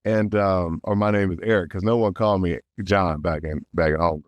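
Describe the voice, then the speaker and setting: A middle-aged man tells a story as an interview guest, his fairly low voice jumping up and down as he acts out what people said. The sound is close and dry, with no room around it. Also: moderate pace, no echo, dull audio. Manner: animated, acts out quotes with big pitch jumps. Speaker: voice actor guest.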